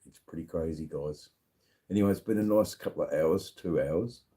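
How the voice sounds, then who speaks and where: Very deep, dark-voiced drunk man rambling. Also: normal speed. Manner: rambling, slurred, with lots of fillers. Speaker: live-stream host. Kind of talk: casual live-stream chat. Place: sitting at a bar.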